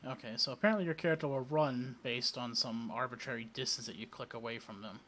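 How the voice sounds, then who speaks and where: Welsh male let's play host, wry casual commentary, mid pitch, faint background noise. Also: fast, bright, forceful tone. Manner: wry, offhand, mumbling asides.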